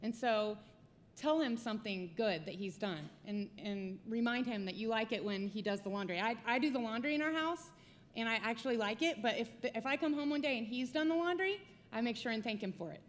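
A woman's voice: a little high, brisk, big-room sound. A woman speaking from a church stage with her husband, talking conversationally and telling personal stories. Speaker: pastor's wife, co-speaker. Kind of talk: sermon with spouse. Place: church auditorium.

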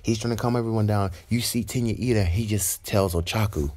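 A young man tells an improvised fan story in a fairly low voice. He rambles and corrects himself as he goes. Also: a little fast, a little mellow.

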